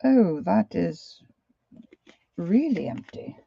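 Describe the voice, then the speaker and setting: A middle-aged woman chatting casually and self-deprecatingly while she draws, halting with fillers as she works. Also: fairly low pitch, expressive, vocal fry, dark tone, no room sound, lo-fi sound. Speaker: art journaling vlogger. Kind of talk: casual live drawing chat.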